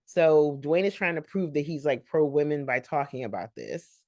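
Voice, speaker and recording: Low-voiced woman rambling through a recap. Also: expressive, normal speed, a little mellow, dry recording, clean studio sound. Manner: chatty, laughing asides. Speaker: host of a reaction channel.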